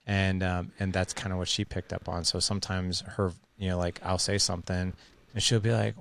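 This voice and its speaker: A man's voice: low voice, flat delivery, a little fast, creaky, a bit bright. A middle-aged man hosting a podcast, talking casually and rambling with many restarts and "dude"s. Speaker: podcast host. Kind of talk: casual conversation.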